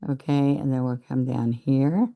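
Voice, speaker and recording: A woman's voice: rumbling low, fairly even intonation, a little slow, creaky, phone-quality sound. An older woman teaching a painting lesson, chatting encouragingly as she demonstrates each stroke. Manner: chatty, encouraging, talks while working. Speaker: painting instructor.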